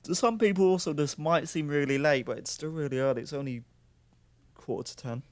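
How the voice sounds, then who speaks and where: A man's voice: fairly high pitch, a little fast, no room sound. A young man casting a live esports match, calling the play and chatting in joking asides. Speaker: esports caster.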